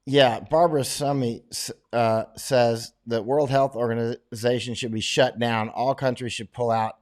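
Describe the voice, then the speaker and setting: A man's voice: medium pitch, steady tone, unhurried, a little mellow. Opinionated middle-aged man chatting casually. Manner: rambling, opinionated, frequent restarts. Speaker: host answering viewer questions. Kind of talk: casual livestream chat.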